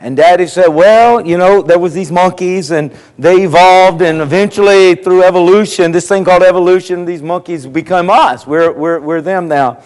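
High-voiced joking pastor in a big reverberant hall. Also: male voice, moderate pace, hardly any pauses, a little mellow. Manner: folksy storytelling, acts out voices in his jokes. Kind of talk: sermon with jokes. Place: church sanctuary.

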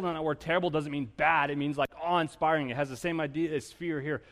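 A fairly high-voiced man delivers a sermon from the pulpit in a lively, storytelling way. He mixes humor with rhetorical questions. His voice rings out with a long reverb through the church hall. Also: fast. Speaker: pastor. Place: church sanctuary.

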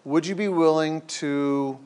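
A man's voice: fairly high pitch, slow, darkish tone, clean tone. A man teaching a small faith group in a meeting room, talking casually and hesitantly, with restarts.

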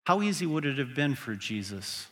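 A man's voice: medium pitch, big pitch swings, moderate pace, fairly bright tone. A man preaching a sermon as pastor, earnest and building to emphatic peaks.

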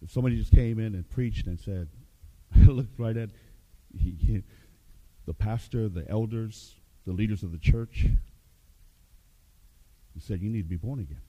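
A man preaching a revival sermon, emphatic, repeating his phrases and swinging between loud and hushed. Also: lowish voice, measured pace, long pauses, no echo. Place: church hall with baptism tank.

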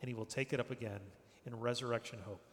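A man preaching a sermon to a congregation. He speaks emphatically, repeats phrases and often drops to a hushed voice at the end of a line. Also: mid-range voice, steady tone, fast. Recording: long reverb of a large hall.

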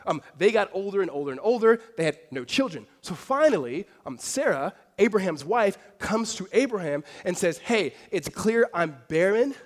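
Man, pastor, high-pitched voice, conversational sermon, lively storytelling, casual fillers. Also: normal speed, hardly any pauses. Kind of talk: expository sermon.

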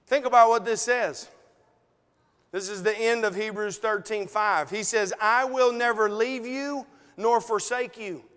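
A man preaching a sermon in a church, in a folksy, conversational way with dramatic pauses. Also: sits high, fairly even intonation, a bit bright, clear, resonant tone. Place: church sanctuary. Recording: long reverb in a hall.

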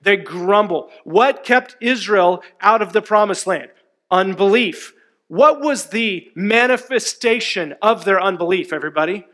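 Man, high voice, emphatic pastor preaching a sermon. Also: lively intonation, a little slow, a bit bright. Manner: emphatic, rhetorical questions to the congregation.

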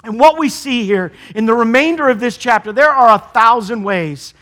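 A middle-aged male pastor delivers a sermon in a high voice. His tone is bright and forward, and he talks in an easy conversational way, often turning to the congregation with rhetorical questions. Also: normal speed.

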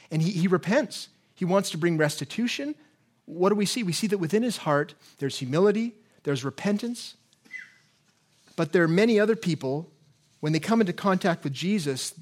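A man preaching a sermon, telling stories and reading scripture in an animated way. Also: high-pitched. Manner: animated storytelling with put-on voices. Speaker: pastor.

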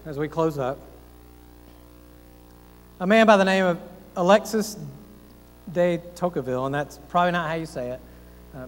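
A man's voice: on the high side, in a large hall, slight background noise, poor audio. A man pastor preaching a sermon, earnest and folksy, asking rhetorical questions and making self-deprecating asides.

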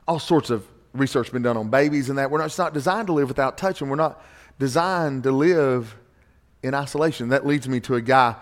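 A middle-aged man preaching a sermon from a church stage, emphatic and animated, repeating key phrases for effect. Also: medium pitch, a little fast. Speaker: pastor. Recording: long hall reverb from a church stage.

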